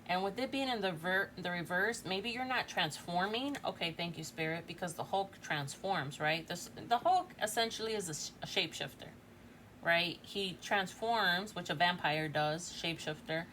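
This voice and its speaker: A woman's voice: lowish voice, normal speed, pushed and bright, a little hiss or hum. A woman in her forties giving a casual tarot reading, chatty and thinking aloud, often tagging lines with "right?". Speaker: tarot reader.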